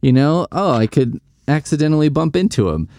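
A man's voice: fairly high pitch, very animated, a little fast, dark tone, no room sound, studio quality, voice pushed up. A man putting on the voice of a young woman who hopes to be noticed. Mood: pining. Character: moody teenage girl hoping to be noticed.

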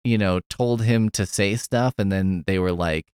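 Low-voiced man rambling through a movie review. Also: measured pace, darkish tone, clear, resonant tone, no echo, clean studio sound. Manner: rambling, profane, wry. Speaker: podcast host.

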